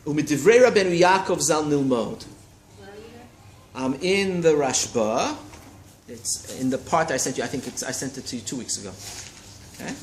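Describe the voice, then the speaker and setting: A man teaching a Talmud class in a study hall, lively and constantly checking in with his listeners. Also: a little high, moderate pace, pauses often. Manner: animated, keeps checking in with listeners. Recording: roomy echo, faint hiss.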